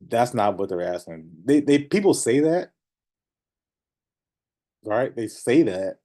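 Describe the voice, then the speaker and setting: Mellow-voiced man coaching a class. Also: medium pitch, slow. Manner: animated, acts out client voices, laughs often. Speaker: notary business coach. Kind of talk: teaching class, casual talk.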